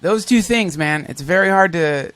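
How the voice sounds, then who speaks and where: A man hosting a podcast, chatting casually and telling stories in an animated, profane way. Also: high-pitched, normal speed, clean tone, dry recording. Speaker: podcast host. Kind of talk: casual conversation.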